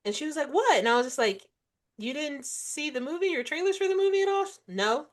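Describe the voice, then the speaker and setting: A woman's voice: high voice, lively intonation, a little fast. A young adult woman hosting a book podcast, chatting casually and acting out quoted dialogue. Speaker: podcast host. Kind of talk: casual chat.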